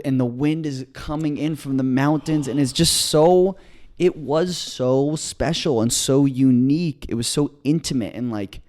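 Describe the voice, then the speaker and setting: A man co-hosting a podcast, telling a long story in an excited, rambling way, with many restarts. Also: medium pitch. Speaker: podcast co-host. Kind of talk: casual storytelling chat.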